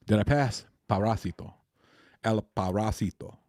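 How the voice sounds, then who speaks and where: Mellow-voiced man hosting a live stream. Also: fairly low pitch, moderate pace, no echo, studio quality. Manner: laughs often, greets and answers chat. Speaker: crypto live-stream host. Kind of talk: casual live-stream chat.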